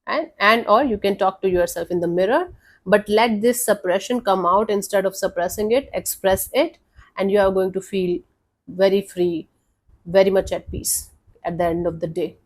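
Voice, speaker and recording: A woman's voice: mid-range voice, moderate pace. A woman giving a casual weekly tarot reading, talking directly to the viewer in a reassuring, conversational way with frequent fillers. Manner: warm, reassuring, addresses viewer as honey. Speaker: tarot reader.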